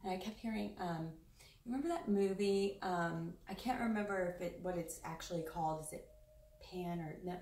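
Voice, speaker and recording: Chatty and rambling, this tarot reader delivers an effusive reading to camera, full of fillers and the occasional swear word. Her lowish voice has a darkish tone and a moderate pace, and the roomy, slightly distant recording has a little hiss or hum.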